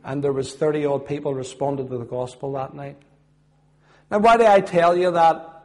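A middle-aged Belfast man preaching his testimony in a fairly high-pitched voice. He tells his story earnestly, building to loud declarations of faith and then falling to a quiet, low delivery. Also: moderate pace. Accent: Northern Irish, Belfast. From Northern Ireland. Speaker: former footballer giving testimony. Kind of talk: testimony sermon.

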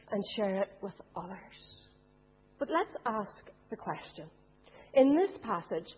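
A woman's voice: a little high, breathy edge. A woman preaching a sermon, putting questions to her congregation. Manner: asks the congregation rhetorical questions. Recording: tinny phone-like sound.

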